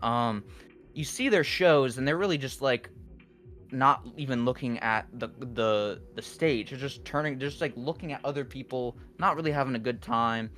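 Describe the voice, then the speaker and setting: A man's voice: mid-range voice, normal speed, a bit bright. Candid, rambling man talking shop. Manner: rambling, filler-heavy, candid. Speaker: guest music producer. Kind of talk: casual podcast chat.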